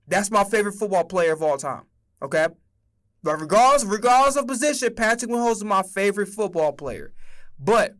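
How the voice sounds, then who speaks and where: A man's voice: sits high, fairly bright tone. A young man streaming a casual sports rant, emphatic and profane as he argues his takes.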